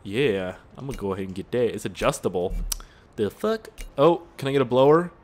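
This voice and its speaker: A young man in his twenties talks over his gameplay with a bouncy, lively pitch that swings all over the place. He rambles into tangents and makes crude, profane jokes aimed straight at his viewers. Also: brisk. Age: 20s. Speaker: gaming YouTuber. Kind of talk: gameplay commentary.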